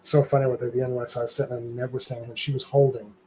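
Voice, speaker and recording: An older man, a guest on a live stream, chatting casually and telling an animated story, acting out the voices of the people in it. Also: medium pitch, very fast, a little hiss or hum, poor audio.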